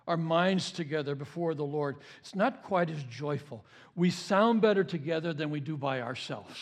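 A man with a notably high voice preaches a sermon, chatting to his congregation more than lecturing. He drives points home by repeating them, jumping from loud emphatic bursts down to quiet low asides. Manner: conversational, repeats key phrases for emphasis. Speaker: pastor.

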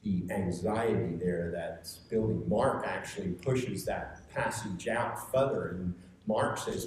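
Speaking slowly in a low voice, a preacher addresses a seated group in a meeting room. His sermon is conversational and earnest, rising into emphatic urging. The distant, echoey recording carries slight hiss or hum.

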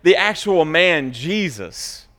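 A man preaching a sermon in a church, stressing key words loudly and dropping to quiet asides. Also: very animated, takes it slowly, long reverb tail. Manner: emphatic, swings between loud high stresses and quiet low asides. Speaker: pastor. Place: church sanctuary.

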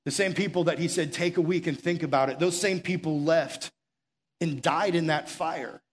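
A young adult man preaching a sermon, earnest and urgent, telling stories conversationally with filler words and dropping to quiet, intimate stretches. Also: a little high, moderate pace. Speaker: pastor.

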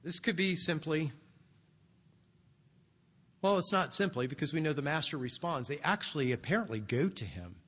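A man's voice: on the high side, lively intonation, normal speed, pauses often, a bit bright, husky, big-room sound. A man preaching an expository sermon in a conversational, explanatory way.

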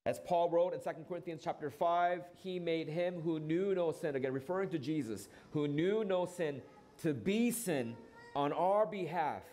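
A middle-aged man preaches a sermon with a fairly high voice. He speaks earnestly, poses rhetorical questions, and sinks lower and softer when he quotes scripture. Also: moderate pace. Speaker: pastor.

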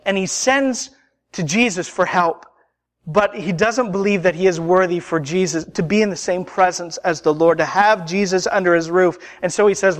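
A man preaching a sermon, emphatic and deliberate, building through repeated rhetorical questions. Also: sits high, a bit bright, in a large hall.

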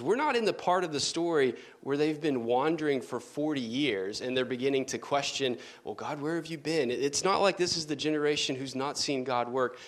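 A man preaching a sermon in an earnest manner, dropping to soft, low tones for emphasis.

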